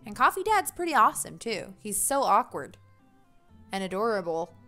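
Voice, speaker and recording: A woman's voice: medium pitch, very animated, moderate pace, pushed and bright, soft background music. A young woman streaming a dating game, chatting casually with viewers in a giggly, self-mocking way. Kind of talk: casual livestream commentary.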